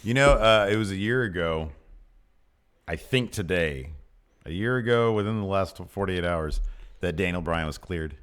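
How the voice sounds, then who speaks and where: A man's voice: low voice, moderate pace, fairly bright tone, smooth. A man co-hosting a podcast, casually chatting through a wrestling recap, laughing often and drifting into banter. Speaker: podcast co-host.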